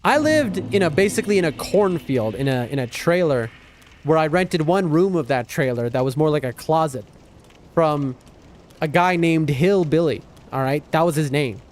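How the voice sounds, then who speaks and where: A man's voice: a little high, expressive, normal speed, slight background noise. A man streaming a game live, chatting casually, reacting to the action and answering his chat. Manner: chatty, reacts to gameplay and reads chat aloud. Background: loud game music.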